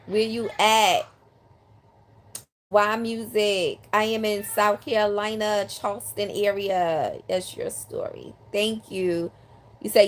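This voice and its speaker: Streaming live from home in South Carolina, this older New York City native and line dance teacher reads out viewer comments casually, saying um often. She talks slowly in a medium pitch with fairly even intonation, and her phone or handheld mic adds a little hiss or hum.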